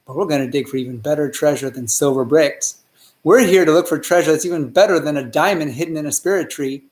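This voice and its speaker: A man voicing a calm veteran missionary who speaks in a low, steady, earnest way. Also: quick pace, reverberant, natural voice.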